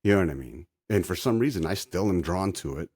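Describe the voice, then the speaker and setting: Husky, low-voiced ranting man. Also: lively intonation, fast talker, a little mellow, no room sound, clean studio sound. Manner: profane, ranting, sarcastic. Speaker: podcast host. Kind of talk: casual chat.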